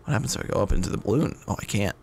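A man's voice: fairly low pitch, expressive, very fast, gravelly, a little mellow, breathy edge. A man hosting a let's play, giving casual gameplay commentary with laid-back, profane, giggly asides.

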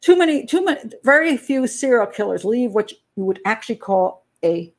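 Older American woman hosting her own channel; a chatty profiler with a slightly raised pitch who laughs easily, reads comments aloud and speaks to them directly. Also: very animated, normal speed. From United States. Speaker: criminal profiler and channel host. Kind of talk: casual live-stream commentary.

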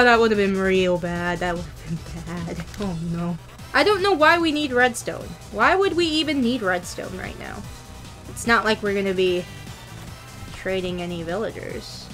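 In a mid-range voice that's pushed and bright, a young woman narrates her video game playthrough as a gaming YouTuber. She keeps it casual and playful, talking to herself, teasing with jokey taunts, and squealing without warning.

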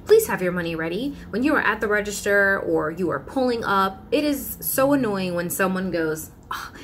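Animated woman venting in a casual vlog. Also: mid-range voice, normal speed, slight background noise. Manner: animated, breaks into mimicked customer voices; exasperated, pleading tone. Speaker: vlogger. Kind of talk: casual vlog talk to camera.

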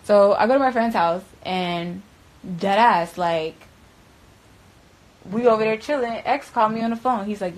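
A woman's voice: fairly high pitch, expressive, normal speed, rough recording. A young adult woman from Broward County, Florida, telling a story as an interview guest. She talks in profane, slangy bursts and keeps saying "bruh.". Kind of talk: candid storytelling.

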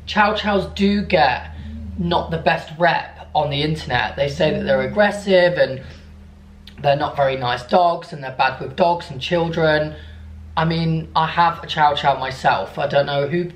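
Upset young man, echoey vlog. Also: on the high side. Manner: animated, upset storytelling, cooing softly to his dog. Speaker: vlogger. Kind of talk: casual vlog chat. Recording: echoey room.

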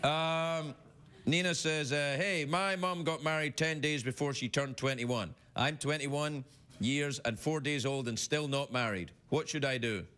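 A man's voice: a little high, measured pace. A male talk show host doing a playful late-night comedy bit, laughing through his lines with goofy asides. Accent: Scottish. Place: TV studio with live audience. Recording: loud studio audience noise.

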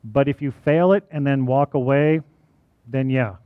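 A man's voice: mid-range voice, a little slow, no room sound, phone-quality sound. Man giving a chatty college talk. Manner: conversational, often asks "right?". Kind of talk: personal talk to an audience.

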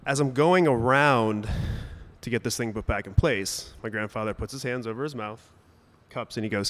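Young man, live storyteller, casual and conversational, punchy emphatic bursts, mid-pitched voice. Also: moderate pace, fairly bright tone, in a large hall. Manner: conversational, with sudden emphatic bursts and comic timing. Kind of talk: personal storytelling to a live audience. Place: stage at a brewery event.

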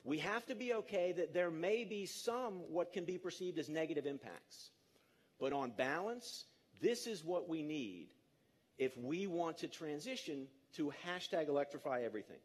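Conference speaker, man in his fifties, emphatic and lively with the crowd, voice a bit higher than most. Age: 50s. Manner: energetic, emphatic, engages the audience. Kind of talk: live public talk.

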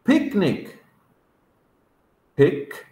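A man teaching English words to young children, sounding them out slowly and coaxing them to repeat after him. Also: warm tone. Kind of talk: vocabulary lesson for kindergarteners. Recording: echoey room.

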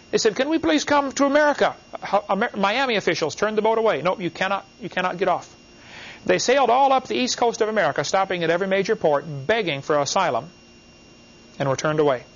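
A man giving a classroom lecture, emphatic, talking in short repeated phrases and asking the class questions. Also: high-pitched. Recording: dull, lo-fi class recording.

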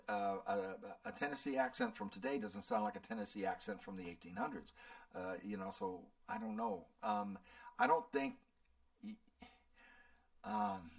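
A man's voice: fairly low pitch, wildly swooping pitch, normal speed, creaky, far from the mic. A man in his seventies, a channel host, rambling and thinking aloud as he answers viewer questions. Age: 70s. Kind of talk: casual Q&A chat.

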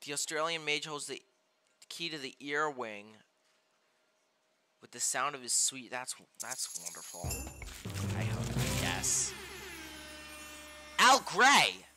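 A young man streaming a game live, reading cards aloud and reacting excitably, often yelping loudly in dismay. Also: medium pitch, measured pace, long pauses, soft background music.

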